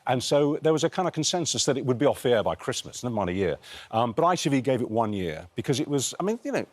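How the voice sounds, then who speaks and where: An older man from Essex with an Estuary English accent, a guest telling lively stories in a casual TV chat. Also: medium pitch, fast talker. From Essex, England. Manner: lively, animated storyteller. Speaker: guest author.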